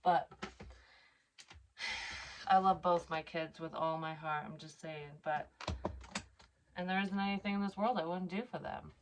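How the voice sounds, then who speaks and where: A middle-aged woman talks to her camera in a loose, meandering way, full of "like" and "you know" and casual swearing. Her voice sits a little low, and she slows down to read cards aloud. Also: steady tone, noisy background. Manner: rambling, swears casually, many fillers; reads cards aloud slowly. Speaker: psychic medium vlogger. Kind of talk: casual personal vlog.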